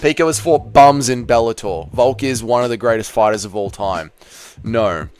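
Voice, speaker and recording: Excitable, profane man streaming. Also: medium pitch, moderate pace, clear, resonant tone. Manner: excitable and profane, bursts into shouts. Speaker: streamer hosting a watch party. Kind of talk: casual live-stream chat reading comments.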